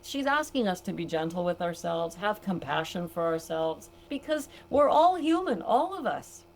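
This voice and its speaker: A woman's voice: on the low side, big pitch swings, normal speed. Older woman, podcast sobriety coach, casual and talkative, laughs easily. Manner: warm, chatty, laughs easily, addresses listeners as gals. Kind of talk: casual podcast monologue reading from a book.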